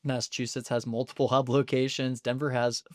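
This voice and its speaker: A man's voice: medium pitch, little pitch movement, fairly quick, a little mellow, dry recording, clean studio sound. A young man hosting a podcast, talking things through in a thoughtful, analytical way with frequent laughs. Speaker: podcast host. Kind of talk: casual conversation.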